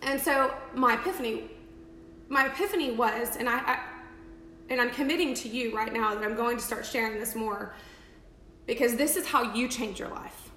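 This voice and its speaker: A woman's voice: a little high, moderate pace, sharp tone, echoey room, slight background noise, low-quality recording. A woman, rambling and emphatic in a casual live video, full of restarts and "like". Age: 30s. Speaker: makeup seller on a live video. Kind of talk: casual live-stream talk.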